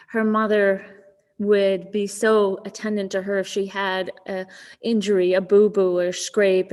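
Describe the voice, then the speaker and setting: A woman minister preaching a sermon, telling a story gently and softening to a hush in tender quoted moments. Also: medium pitch, long reverb tail. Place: church sanctuary.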